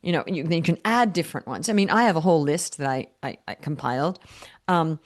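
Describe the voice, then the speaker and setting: A woman's voice: deep voice, expressive, fast talker. A woman in her fifties, a business coach being interviewed, telling stories in a rambling way with many restarts. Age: 50s or older. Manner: rambling storyteller, many restarts and quoted self-talk. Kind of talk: interview conversation.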